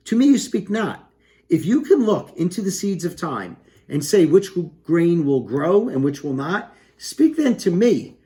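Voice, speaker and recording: A man reading a wary noble lord in a stage play. The voice rises high and swings widely as it declaims old verse, pressing the witches for the truth. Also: mellow. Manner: declaiming Shakespearean verse, raised and emphatic.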